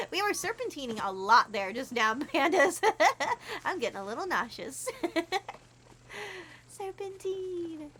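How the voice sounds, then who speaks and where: A woman streaming a game, chatting casually with her viewers, giggling often and quick to get excited. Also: fairly high pitch, a little hiss or hum. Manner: bubbly, giggly, talks to chat. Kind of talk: casual gameplay livestream chat.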